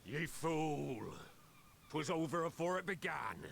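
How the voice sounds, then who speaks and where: An actor playing an older, gruff pirate captain who talks in old-fashioned pirate speech and gives stern, rousing speeches. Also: male voice, a little high, lively intonation, slow pace, a bit bright, dry recording, heavily acted. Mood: scornful. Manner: scolding, rousing oratory. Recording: game audio under music.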